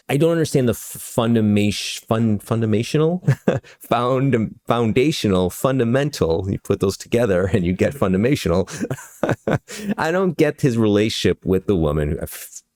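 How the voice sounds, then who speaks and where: A man with a low, lively voice co-hosts a film podcast in loose, rambling chat. He laughs easily, trails off and circles back mid-thought. His speech carries a plain sound. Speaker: podcast co-host. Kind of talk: casual film discussion.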